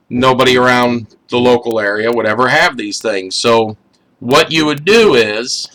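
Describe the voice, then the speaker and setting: A man's voice: medium pitch, bright, forceful tone. A man on a podcast chatting casually, with many hesitant fillers and wry asides. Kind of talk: casual chat.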